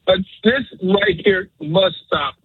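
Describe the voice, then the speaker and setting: A man's voice: high-pitched, animated, slow pace, breathy edge, no room sound. A man calling into a radio show over the phone, emotional and preachy, repeating his point. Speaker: radio caller. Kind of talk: call-in radio talk. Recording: tinny phone line.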